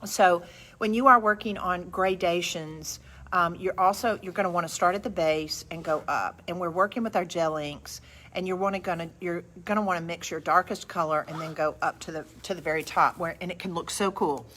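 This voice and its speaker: Her voice on the low side and her delivery a little fast, a middle-aged woman chats warmly with viewers during a live craft demonstration in her studio, sprinkling in friendly asides as she works.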